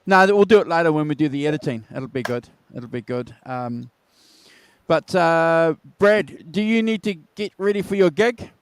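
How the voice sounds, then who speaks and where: Smooth Australian host with a dry mic. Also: male voice, fairly high pitch, normal speed, dry recording. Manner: upbeat, wraps up with plugs. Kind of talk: casual chat.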